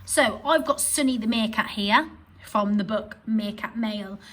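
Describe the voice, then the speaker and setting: Expressive husky-voiced woman teacher. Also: medium pitch, measured pace, poor audio. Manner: expressive, reads examples aloud with emphasis. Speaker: primary school teacher. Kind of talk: online grammar lesson for children.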